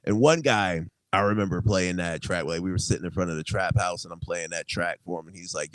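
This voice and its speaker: A man's voice: deep voice, a little fast, hardly any pauses, a bit bright, dry recording. A young adult man, a guest musician, telling stories in casual chat, laughing often and swearing freely.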